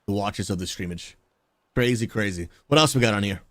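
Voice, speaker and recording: A man talking casually to his live stream chat as a game streamer, animated and chummy. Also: on the low side, fairly quick, no room sound, studio quality. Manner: animated, talks straight to chat, says "dude" and "bro".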